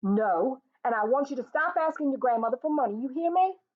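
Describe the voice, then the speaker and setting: A woman voicing a weary, sharp-tongued young mother, blunt and scolding. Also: high-pitched, animated, fairly quick, voice pushed up. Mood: stern. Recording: tinny phone-like sound.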